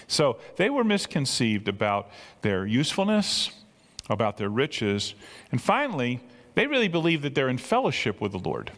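A man's voice: mid-range voice, wildly swooping pitch, moderate pace, fairly bright tone, big-room sound. An older man preaching a sermon in a conversational way, often repeating words and building to emphatic peaks. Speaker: pastor.

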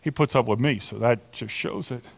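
A man in his sixties, a pastor preaching a sermon, animated and chatty, telling stories with many restarts and asides. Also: medium pitch, normal speed, gravelly, husky, big-room sound. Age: 60s.

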